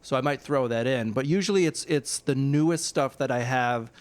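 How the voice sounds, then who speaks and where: A man, a DJ guest on a podcast, talking in a relaxed, rambling, self-deprecating way. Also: medium pitch, normal speed. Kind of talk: casual podcast chat.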